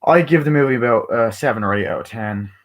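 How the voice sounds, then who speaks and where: A man's voice: medium pitch, fast talker. A tired man giving a rambling, casual movie review, swearing a lot and using many fillers.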